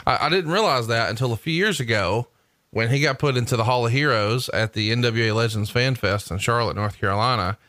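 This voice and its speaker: A man hosting a podcast, telling stories in a chatty, animated way. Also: mid-range voice, a little fast, dry recording. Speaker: podcast host. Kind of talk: casual chat.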